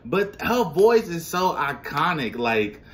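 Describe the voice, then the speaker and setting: A man hosting a casual reaction vlog, speaking straight to his viewers in an animated, slangy way. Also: fairly high pitch, slow pace, loud music behind the voice. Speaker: vlogger.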